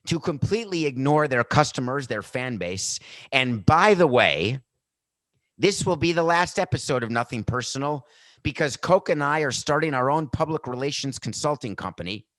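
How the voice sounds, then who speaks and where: A male podcast host mocks the people he talks about in sarcastic commentary. His pitch rises and falls in lively swings, and the sound is dry and close. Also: dry recording. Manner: sarcastic, mocking.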